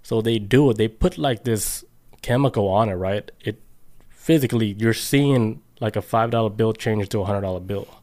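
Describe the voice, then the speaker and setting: A man's voice: fairly low pitch, normal speed, a little mellow. A man co-hosting a podcast, chatting casually and telling stories in loose, slangy talk with frequent laughs. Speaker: podcast co-host. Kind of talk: casual chat.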